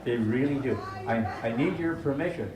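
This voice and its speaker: A man performing in a live stage comedy sketch, talking excitedly and playfully. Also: mid-range voice, moderate pace, a loud crowd. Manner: excited, playful, laughs easily. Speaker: comic performer. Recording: echoey room from far off, background noise.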